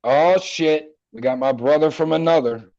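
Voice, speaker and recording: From home, a podcast host with a Philadelphia accent runs a casual chat show full of jokes, profanity and mock accents. His slightly high voice has a darkish tone at normal speed, and the computer mic gives no room sound and cuts off the highs.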